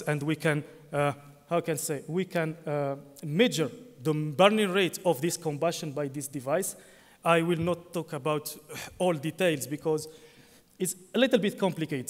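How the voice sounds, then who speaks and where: In a reverberant conference hall, a high-pitched male presenter works through a technical talk. He hesitates a lot, using many fillers and revising his own words.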